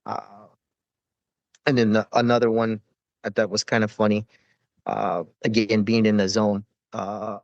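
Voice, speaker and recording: A man's voice: fairly low pitch, little pitch movement, a little slow, long pauses, dry recording, dull audio. Profane man telling war stories. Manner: profane, rambling war stories with frequent fillers and laughs. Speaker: podcast guest, former Navy corpsman. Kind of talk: casual storytelling interview.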